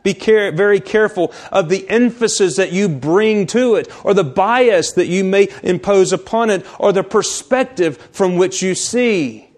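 Emphatic, high-voiced male preacher. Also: measured pace, hardly any pauses, a little mellow. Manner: emphatic, repetitive, drops to near-whisper for stress. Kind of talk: sermon.

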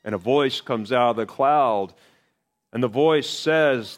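A man's voice: medium pitch, slow pace. A man preaching a sermon in a conversational way, repeating key phrases for emphasis.

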